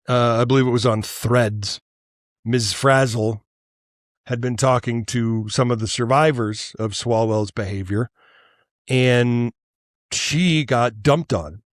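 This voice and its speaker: A man's voice: mid-range voice, no echo, studio quality. A male podcast host delivering a heated, profane political monologue, worked up and angry, stammering and restarting as he goes.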